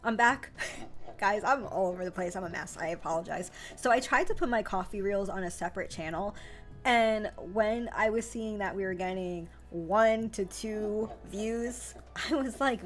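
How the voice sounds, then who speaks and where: A woman's voice: mid-range voice, moderate pace, faint music behind. A young adult woman hosting a live stream, chatting casually in a rambling way with lots of fillers and restarts. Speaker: livestream host. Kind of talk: casual livestream chat.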